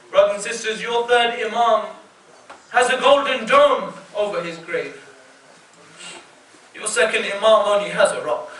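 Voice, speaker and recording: High, bright, emotive male preacher. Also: moderate pace, pauses often. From United Kingdom. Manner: emotive, addresses the crowd as brothers and sisters. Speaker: religious reciter. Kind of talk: mourning sermon. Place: mosque hall. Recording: echoey hall, distant mic, faint noise.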